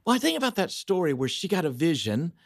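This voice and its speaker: A man, a pastor telling lively stories as a guest in a studio conversation. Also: a little high, fast, vocal fry, no echo. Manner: lively, acts out voices in his stories. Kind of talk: animated storytelling in a studio conversation.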